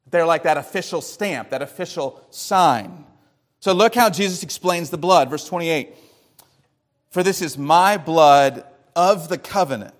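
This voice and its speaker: A pastor with a fairly high-pitched voice delivers an expository sermon, teaching through the scripture and posing rhetorical questions. He shifts his loudness and pace for emphasis.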